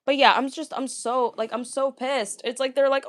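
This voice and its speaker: A young woman talking casually, ranting to viewers, stammering and repeating words, with a fairly deep voice for a woman. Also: fairly even intonation, moderate pace, few pauses, no echo, clean studio sound. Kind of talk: casual rant.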